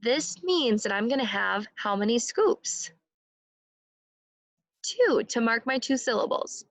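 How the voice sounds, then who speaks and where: A woman's voice: on the high side, animated, no echo. Patient woman teaching young children. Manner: slow, clear and encouraging, models sounds for the class to repeat. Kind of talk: phonics lesson for young children.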